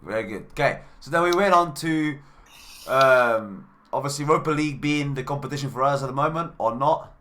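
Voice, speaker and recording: A man co-hosts a casual live stream and keeps steering the conversation. He cuts in with quick, repeated interjections. His voice is bright and mid-pitched. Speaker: co-host.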